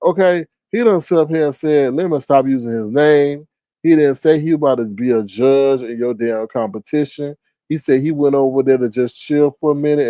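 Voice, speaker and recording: A man speaking holds forth on his own live stream, ranting in a sarcastic, animated way. His voice sits at an average pitch for a man. The sound is dry and close, with no room echo. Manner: animated, sarcastic, mocking quotes with sudden high squeals. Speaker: live stream commentary host. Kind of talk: casual ranting commentary.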